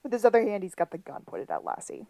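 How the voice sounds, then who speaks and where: A woman's voice: mid-range voice, wildly swooping pitch, fast, gravelly, dark tone, dry recording. A woman co-hosting a podcast, chatting casually as she recaps a TV episode and retells its scenes. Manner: chatty, laughs often, retells scenes with quoted lines. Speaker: podcast co-host.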